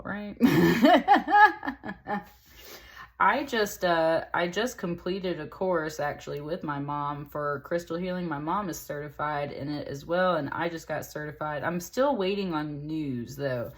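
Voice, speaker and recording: A woman's voice: low-pitched, animated, unhurried. A woman giving a casual tarot reading, chatty and rambling, with lots of fillers. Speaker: tarot reader.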